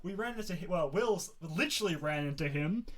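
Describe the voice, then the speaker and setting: A young man from Australia co-hosting a casual podcast. His voice sits slightly high, and his manner stays laid-back with easy laughter. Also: animated, a little fast, a bit bright. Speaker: podcast co-host. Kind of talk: casual chat.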